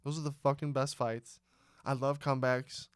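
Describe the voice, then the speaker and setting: Animated swearing man on a podcast. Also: medium pitch, normal speed, smooth, dry recording, studio quality. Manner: animated, swearing, acts out scenes. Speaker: podcast co-host, former fighter. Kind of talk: casual podcast chat.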